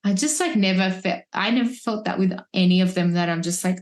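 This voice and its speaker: A woman's voice: medium pitch, a little fast, few pauses. Chatty woman telling a story. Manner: chatty and reflective, frequent "like" and restarts. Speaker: podcast guest, mother of three. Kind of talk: casual birth-story telling. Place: at home, holding a baby. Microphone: wearing headphones, remote podcast recording.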